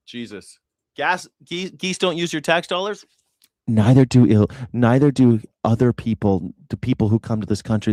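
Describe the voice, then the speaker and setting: A man's voice: mid-range voice, no echo, clean studio sound. A man hosting a news reaction stream, ranting sarcastically and swearing as he argues with his chat. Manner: profane, sarcastic, arguing with chat. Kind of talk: heated political commentary.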